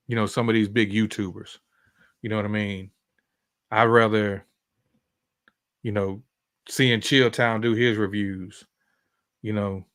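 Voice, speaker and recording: A man's voice: fairly low pitch, fairly bright tone, no room sound, clean studio sound. A man talking as a guest in a casual chat, rambling with lots of fillers. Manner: rambling, many fillers and restarts. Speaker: guest, sneaker collector.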